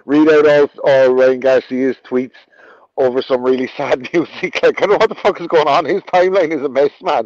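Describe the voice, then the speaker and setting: A man's voice: medium pitch, a little fast, a little mellow, dry recording. A man co-hosting a casual podcast, rambling and swearing freely, laughing between sentences over a dull remote line. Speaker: podcast co-host.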